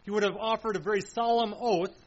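A man's voice: sits high, expressive, normal speed, fairly bright tone, lo-fi sound. A man preaching a sermon in a solemn, emphatic way, repeating phrases and asking rhetorical questions.

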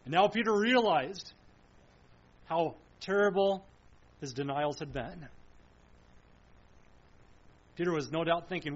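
A man's voice: a little high, takes it slowly, long pauses, highs cut off. A man preaching a sermon in a solemn, emphatic way, repeating phrases and asking rhetorical questions.

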